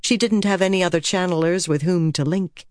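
A woman reads a fantasy audiobook in a measured, steady voice that sits a little low. The recording is close and dry, with no room sound. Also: no echo. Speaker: audiobook narrator. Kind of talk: scripted narration.

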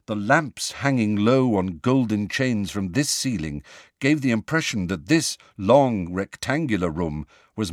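A man narrating an audiobook with an expressive, steady reading. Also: on the low side, dry recording, studio quality.

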